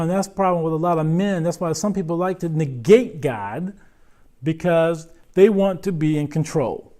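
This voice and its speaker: A man gives a religious lesson in a relaxed, conversational way, pitched a little higher than most men. He keeps turning questions back to his listeners and tags his points with "right?". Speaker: Islamic teacher. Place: lecture room.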